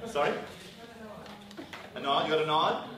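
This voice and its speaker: A rabbi with a higher-pitched, unhurried voice teaches a marriage class, questioning and prompting his listeners in an interactive lecture. He's recorded from far off in a large synagogue hall with a packed audience, so the sound is echoey, with crowd noise behind him.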